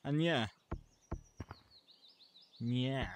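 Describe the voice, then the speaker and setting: A man's voice: medium pitch, extremely slow. A young man casually walking through a game mod menu, reading out items in short offhand bursts. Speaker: gameplay reviewer. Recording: loud background noise.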